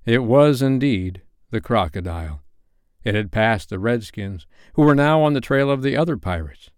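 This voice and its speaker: A man calmly reading a classic novel aloud as a bedtime story. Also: medium pitch, moderate pace, clean tone, no echo, clean studio sound.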